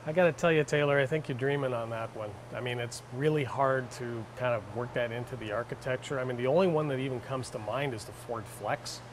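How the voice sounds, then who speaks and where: A man's voice: mid-range voice, fairly quick, hardly any pauses, noisy background. Joking Canadian man reviewing a car. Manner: jokey, animated asides. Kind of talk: casual banter reviewing a vehicle.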